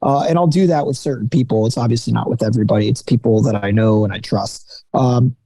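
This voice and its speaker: A man's voice: medium pitch, fast, mellow, dry recording. A man, a watch dealer, talking candidly as a podcast guest, with plenty of "like" and "you know" and some swearing. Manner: candid, swears freely, lots of fillers. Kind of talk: casual conversational interview.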